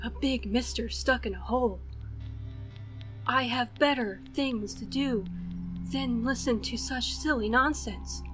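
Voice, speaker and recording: A woman's voice: on the high side, unhurried, fairly bright tone, faint music behind, low-quality recording. A woman voicing a haughty bird creature in a game that scornfully waves off a request.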